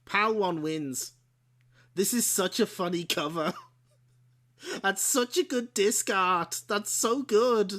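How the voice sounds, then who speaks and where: Speaking slowly with long pauses, this man has a high, bright voice and a forceful tone. He hosts a game stream, casually chatting and laughing as he displays old game discs, giggling and correcting himself.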